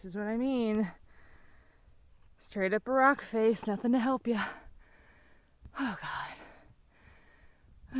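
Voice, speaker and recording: A woman's voice: a little high, slow pace, long pauses. A woman filming a casual trail vlog outdoors on a rocky mountain trail with a handheld camera. She is chatty and exclaims often, then drops to nervous whispers. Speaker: thru-hiker vlogger. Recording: loud wind noise outdoors. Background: loud wind.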